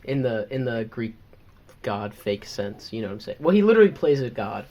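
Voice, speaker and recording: A man's voice: medium pitch, big pitch swings, a little fast, dark tone, lo-fi sound. A young man from the American South with a Southern accent, co-hosting a podcast in rambling, laid-back casual chat. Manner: rambling, laid-back, lots of likes and fillers. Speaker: podcast co-host.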